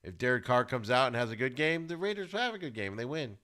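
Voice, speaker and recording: A man hosts a sports podcast, tearing through the week's games in an animated, ranting way. His pitch swings widely from line to line. His tone is bright and sharp. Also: fast talker. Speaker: podcast host. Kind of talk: football recap commentary.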